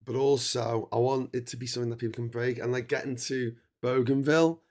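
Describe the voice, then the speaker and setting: A middle-aged Englishman with a cold chats casually with his livestream viewers, rambling, breaking off and restarting sentences, and filling pauses with ums and uhs. His mid-range voice stays steady, brisk, and slightly mellow.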